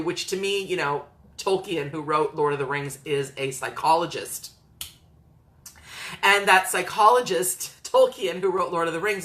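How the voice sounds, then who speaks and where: A woman's voice: on the low side, a bit bright. A woman psychotherapist and coach giving an earnest, encouraging talk, sometimes acting out the voices she quotes. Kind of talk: motivational talk to camera.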